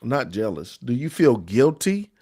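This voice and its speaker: A man's voice: mid-range voice, big pitch swings, unhurried, dark tone, breathy edge. A man hosting a grief support talk, reading viewer comments and answering in an emphatic, preacherly, repetitive way. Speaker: host of a grief support show. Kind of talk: live-stream talk to viewers.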